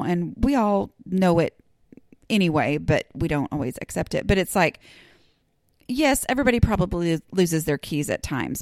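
A woman's voice: mid-range voice, darkish tone, no room sound, studio quality. A middle-aged woman hosting a podcast, rambling and self-deprecating with lots of fillers. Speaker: podcast host. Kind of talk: casual solo podcast talk.

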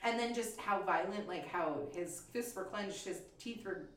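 A woman in casual chat as a podcast guest, an animated storyteller who giggles often and acts out people yelling at her. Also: mid-range voice, normal speed, recorded from a distance. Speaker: podcast guest, musical comedian. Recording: echoey room, a bit off mic.

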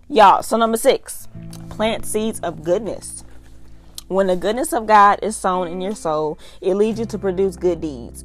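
A young adult woman, earnestly reading and talking through scripture in a casual devotional vlog. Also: lowish voice. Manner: earnest, emphatic, repeats "y'all". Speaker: faith vlogger reading devotional.

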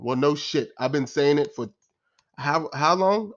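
A man's voice: medium pitch, fairly quick, highs cut off. Exasperated man ranting after a game. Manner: exasperated, repetitive, slangy. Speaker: sports fan commentator. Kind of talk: casual post-game rant.

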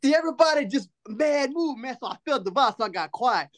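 A man's voice: very high-pitched, a little fast. A man hosting a podcast, telling a long story in casual chat. He laughs often, swears and jokes freely, and acts out other people's lines in changed voices. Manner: animated, laughing often through his story; profane and joking. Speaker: podcast host.

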